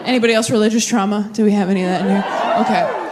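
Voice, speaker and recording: A woman in her thirties performing a stand-up set, riffing quickly and mocking herself as she works the crowd. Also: mid-range voice, steady tone. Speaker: stand-up comedian. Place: large comedy venue with a live audience. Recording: live stage recording with audience noise.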